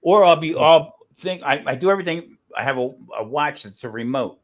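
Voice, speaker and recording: A man's voice: a little high, expressive, fairly quick. A middle-aged man, a chef, chatting casually on a video call, rambling through stories and laughing often. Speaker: guest chef.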